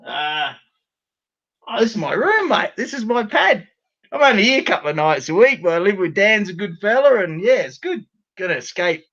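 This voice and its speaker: An Australian man chatting loudly and rowdily over a video call from his bedroom, swearing freely. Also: high voice, very animated, moderate pace, muffled recording. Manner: loud, rowdy, swears freely. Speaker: show regular. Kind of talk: casual video call chat. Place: bedroom at home.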